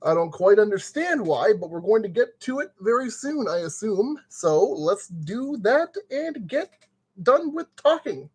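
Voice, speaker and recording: Slow, goofy man muttering through a build. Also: high voice, sing-song, slightly rough. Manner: playful, muttering to himself, goofy made-up exclamations. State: sweating in summer heat. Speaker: streamer building a kit. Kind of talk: casual live-stream commentary.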